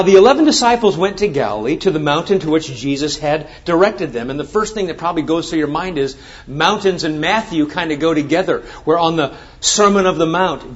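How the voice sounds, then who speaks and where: A man preaching a sermon, reading scripture and then explaining it with emphatic, rising exclamations. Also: a little high. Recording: dull lo-fi sound.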